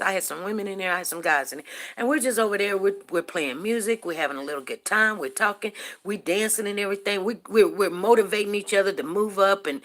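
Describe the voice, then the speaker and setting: A woman hosting a livestream show, telling a story to her viewers in an animated, emphatic way and calling them honey. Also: lowish voice. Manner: animated, emphatic, calls listeners "honey" and "you guys".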